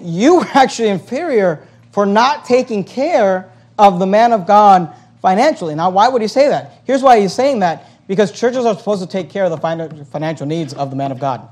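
Animated high-voiced male preacher. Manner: animated preaching, reads scripture then paraphrases with sarcasm. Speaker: pastor. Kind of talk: sermon.

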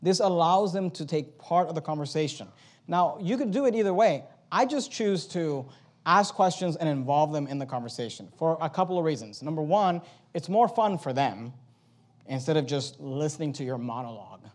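A man teaching a method for sharing the gospel. He works through numbered steps, acts out sample conversations, and reads verses slowly to stress each word. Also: a little high, expressive. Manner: walks through steps and role-plays dialogue; slow emphatic verse reading. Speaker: evangelism trainer.

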